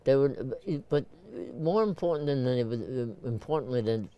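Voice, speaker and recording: An older man from Brooklyn, telling stories at a rambling pace, full of fillers and restarts, and clearing his throat often. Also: mid-range voice, animated, normal speed, warm tone, lo-fi sound. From Brooklyn, New York. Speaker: photographer, interview guest. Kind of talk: casual storytelling interview.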